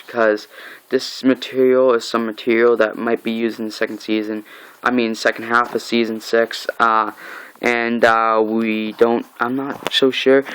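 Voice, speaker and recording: Flat-voiced man recapping a comic. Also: mid-range voice, clean tone, rough recording. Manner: reads the dialogue aloud in a flat, offhand way, with many "uh"s and "like"s. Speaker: comic book reviewer.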